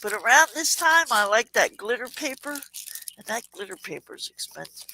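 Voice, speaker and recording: A woman with a Southern US drawl hosts a relaxed crafting livestream, chatting easily and greeting her viewers by name. Her voice sits a little high, with lively swings in pitch and a bright edge. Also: normal speed, slight background noise, poor audio. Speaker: livestream host. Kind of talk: casual crafting livestream chat.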